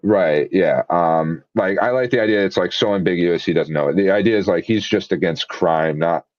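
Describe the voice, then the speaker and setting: A man's voice: low voice, moderate pace. A man co-hosting a casual podcast chat, rambling enthusiastically with lots of fillers. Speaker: podcast co-host. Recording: dull lo-fi dry sound.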